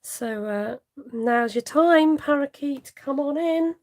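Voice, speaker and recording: A woman's voice: high voice, takes it slowly, darkish tone, slight background noise. A woman hosting a chatty live craft tutorial, laughing often and muttering asides to viewers as she works. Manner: talks straight to viewers and reads out their comments. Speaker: papercraft demonstrator hosting a live stream.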